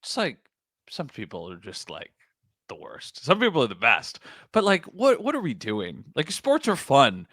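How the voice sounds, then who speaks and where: A man's voice: mid-range voice, huge pitch swings, moderate pace, a bit bright, no room sound, clean studio sound. A young man, co-hosting a casual sports podcast in a loose, conversational way. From Western New York. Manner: conversational, frequent "like" fillers. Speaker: podcast co-host.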